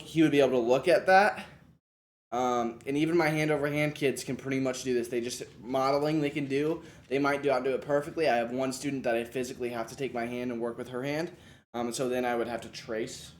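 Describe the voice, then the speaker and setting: Young guy teacher rambling thru his lesson plan, lots of ums, pretty average pitch. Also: a little hiss or hum. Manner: rambling, many fillers and restarts. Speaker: special education teacher. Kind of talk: casual teaching demonstration.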